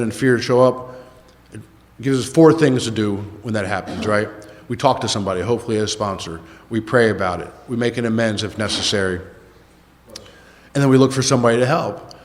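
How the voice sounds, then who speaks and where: An older man telling a rambling, self-mocking story to a recovery meeting, with many fillers. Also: mid-range voice. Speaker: recovery speaker. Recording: echoey hall.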